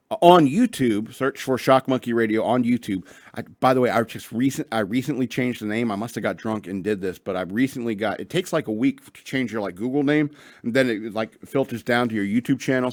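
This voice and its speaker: A man's voice: mid-range voice, no echo. A male talk show host chats loosely in a mid-range voice and tosses off dry, sarcastic asides. The recording is close and dry, with no room sound. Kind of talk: casual solo podcast talk.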